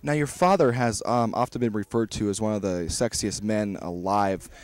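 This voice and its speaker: A man doing mock broadcast commentary as a co-commentator, deadpan and full of grandly exaggerated claims. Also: fairly low pitch, normal speed, dry recording.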